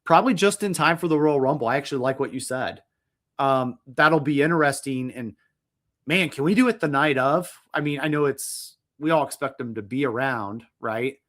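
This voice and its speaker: Guy cohosting a podcast, rambles and laughs a lot, trips over his words, average pitch. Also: moderate pace, a bit bright. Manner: rambling, self-interrupting, chuckles. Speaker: podcast co-host. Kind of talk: casual chat.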